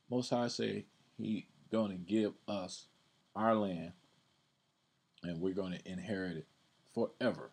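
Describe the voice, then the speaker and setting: A man with a deep, low-pitched voice and a husky edge explains scripture on his podcast. He speaks casually and conversationally, circling back on his words and leaning into the verses he reads aloud. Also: steady tone, takes it slowly, pauses often, a little mellow. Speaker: podcast Bible teacher.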